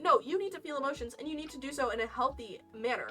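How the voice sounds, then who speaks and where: A young woman streamer chatting casually in a storytime while crocheting, animated and laughing as she retells things. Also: sits high, rapid-fire, hardly any pauses. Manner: animated, laughing, dramatic voice swings when retelling. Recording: faint lo-fi music behind, slightly distant mic. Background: lo-fi game music.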